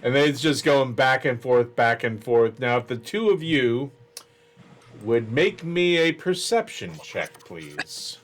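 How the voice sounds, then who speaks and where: A man's voice: mid-range voice, lively intonation, slow pace, a little hiss or hum. A man narrating a tabletop role-playing game as game master.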